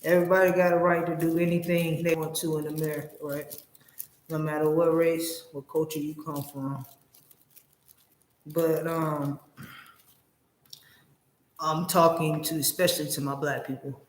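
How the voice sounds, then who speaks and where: A man giving casual reaction commentary in a loud, animated, slangy way, laughing often. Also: on the high side, moderate pace, long pauses, roomy sound. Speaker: reaction video host.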